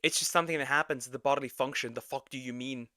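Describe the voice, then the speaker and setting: Bright, dry-voiced ranting young male streamer. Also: medium pitch, fairly even intonation, fast talker, no echo. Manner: loud, exasperated, swearing rant. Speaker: streamer reacting to a clip. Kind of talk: reaction commentary.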